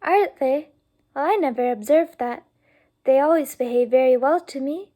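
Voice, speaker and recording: A woman's voice: high voice, normal speed, dark tone, close to an everyday voice. A woman reading aloud, voicing a naive, earnest young girl who speaks sincerely and innocently.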